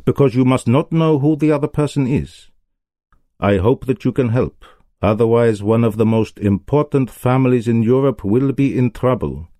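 A man's voice: medium pitch, normal speed, mellow, no echo, studio quality, pitched above the performer's own voice, natural voice. A man voicing a proud, anxious middle-aged king who speaks formally and urgently, in a storybook reading. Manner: formal, urgent, flustered when exposed.

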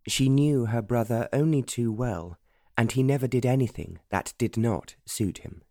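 A man narrates a historical romance audiobook with a measured, even delivery. His voice is warm and mellow, and the recording is close and very dry, with no room sound. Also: medium pitch, dry recording. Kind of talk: scripted narration.

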